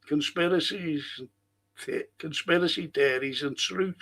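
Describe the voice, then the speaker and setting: Reading viewer comments aloud, a middle-aged podcast host chats loosely during a casual livestream, often restarting and filling gaps. He speaks at a measured pace in a somewhat bright voice on the high side.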